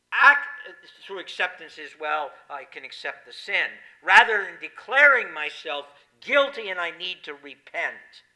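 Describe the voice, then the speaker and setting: A pastor preaching a sermon, with emphatic stresses that rise loud and then drop quiet. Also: male voice, high voice, low-quality recording.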